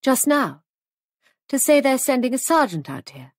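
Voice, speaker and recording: A woman's voice: high voice, very animated, normal speed, dry recording, clean studio sound, voice pushed up. A woman voicing a flustered young innkeeper who speaks in a fretful, exclaiming way.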